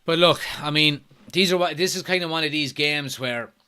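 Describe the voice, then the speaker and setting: A young man hosting a live football watchalong, reacting excitably, swearing often and reading out viewer comments. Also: fairly high pitch, normal speed, smooth. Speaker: watchalong host.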